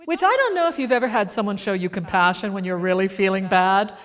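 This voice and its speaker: A woman speaker telling a personal story to a live audience in a playful, animated way, acting out the voices in it. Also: mid-range voice, fast, long reverb tail. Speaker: keynote speaker. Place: event venue with a live audience.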